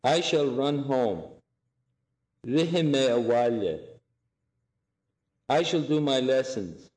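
Slow echoey male language teacher. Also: mid-range voice, expressive, darkish tone. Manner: slow, clear, repeats each phrase for learners. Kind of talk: language lesson drills.

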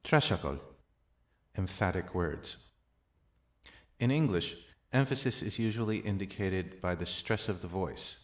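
A man with a very deep, low voice reads a recorded language lesson. He speaks slowly and deliberately, enunciating every example phrase with care. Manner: slow, measured, careful enunciation of each example. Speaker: language teacher.

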